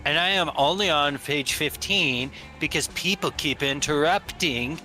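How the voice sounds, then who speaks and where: A man's voice: medium pitch, takes it slowly, faint music behind, voice pushed down. A man voicing an irritated young female witch who just wants to read, in a dry, sarcastic way. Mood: deadpan. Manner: deadpan, sarcastic.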